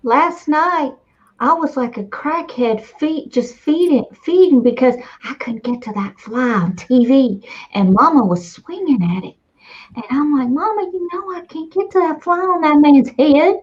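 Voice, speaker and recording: A woman's voice: high voice, measured pace. A woman with a Southern accent voicing a creepy, chatty talking fly swatter that rambles in a gossipy way. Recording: dull lo-fi sound.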